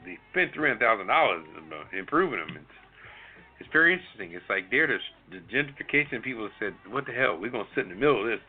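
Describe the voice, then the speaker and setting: A man co-hosting a relaxed night-time chat, rambling along with restarts and repeats. His voice sits at an average pitch. The sound is thin and tinny, like a phone line. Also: quick pace, slightly rough, faint music behind. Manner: rambling, loose, with many restarts. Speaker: co-host. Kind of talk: casual chat.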